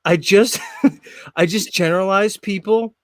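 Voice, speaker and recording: A man's voice: high voice, steady tone, measured pace, dry recording. Rambling forty-something male host. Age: 40s. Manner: rambling, laughs often, many fillers. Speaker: show host. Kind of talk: casual live show chat.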